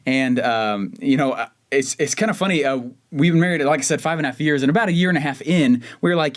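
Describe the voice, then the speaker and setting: A man's voice: medium pitch, quick pace. A young man from Colorado hosting his own podcast, telling a personal story in a chatty, self-mocking way with lots of fillers and restarts. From Denver, Colorado. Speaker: podcast host. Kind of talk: casual solo podcast storytelling.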